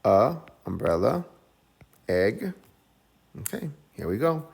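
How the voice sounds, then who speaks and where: A man with a low, heavily gravelly voice runs a phonics lesson, breaking words into syllables. He speaks slowly and patiently, sounding out each piece and repeating every word several times. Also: very animated, a little mellow. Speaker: English teacher.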